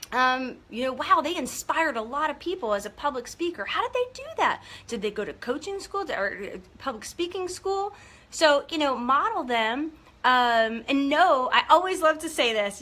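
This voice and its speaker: A woman business coach talking casually and excitedly to viewers on a live video and calling out their names. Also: high-pitched. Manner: upbeat, gushing, talks to viewers by name.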